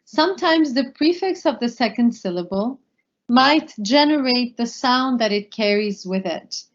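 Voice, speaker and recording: A woman teaching a language class, explaining rules in a relaxed, conversational way with fillers. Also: fairly high pitch, measured pace. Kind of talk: explaining in a lesson. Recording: dull lo-fi sound.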